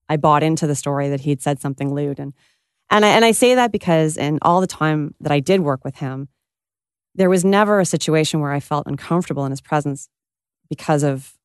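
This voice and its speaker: A woman's voice: deep voice, smooth, no room sound, studio quality. A woman giving candid, reflective answers in an interview, thinking aloud as she goes. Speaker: interviewed politician.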